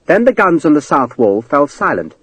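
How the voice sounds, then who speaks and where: Expressive male audiobook narrator. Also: fairly high pitch, normal speed, slightly rough, no echo, rough recording. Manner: dramatic, expressive reading. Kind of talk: scripted narration.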